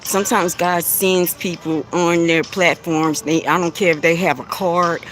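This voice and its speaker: A man's voice: a little high, fairly even intonation, measured pace, a bit bright, faint music behind. A man hosting a live stream with speech, bluntly taunting commenters, laughing often and repeating himself. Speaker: live stream host giving spiritual readings. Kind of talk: casual live-stream talk addressing commenters.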